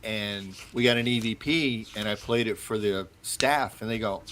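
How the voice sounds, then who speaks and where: A man, a paranormal investigator, in casual conversation, relaxed and telling stories. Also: on the low side, normal speed, slight background noise. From South Florida. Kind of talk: casual chat.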